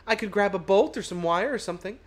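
A woman voicing a chatty, folksy middle-aged female tugboat pilot in a video game, with a slightly hoarse put-on voice. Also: medium pitch, fast talker, voice pushed up, close to an everyday voice. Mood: friendly.

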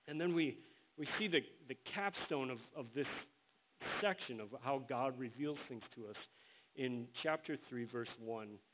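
A man preaching a sermon as pastor, earnest and emphatic, slowing down to stress the words he quotes. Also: mid-range voice. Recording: tinny phone-like sound with faint hiss.

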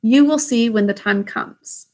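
A woman voicing a gentle, wise old grandmother who speaks in a calm, measured way. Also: fairly high pitch, natural voice.

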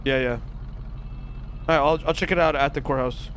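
A man's voice: a little high, steady tone, fairly quick, a bit bright, a little hiss or hum. A man playing a handcuffed defendant in a game roleplay, brash, profane and dramatic. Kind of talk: in-character game roleplay banter.

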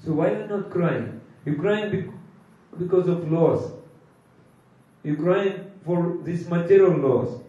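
Mellow man preaching in an echoey hall. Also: a little high, takes it slowly. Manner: repetitive, emphatic, with chuckles. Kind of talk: devotional class sermon. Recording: echoey hall, far from mic, dull lo-fi.

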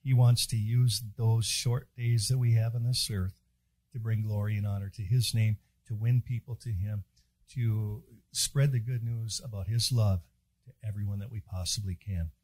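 Husky-voiced man preaching folksy sermon. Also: fairly low pitch, steady tone, normal speed, a little mellow. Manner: folksy, joking storytelling. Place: chapel.

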